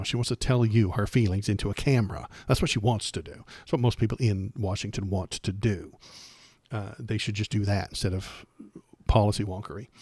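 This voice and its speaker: A man's voice: fairly low pitch, a little mellow, slightly rough. A man hosting a casual political livestream, talking sarcastically and rambling with many fillers and restarts.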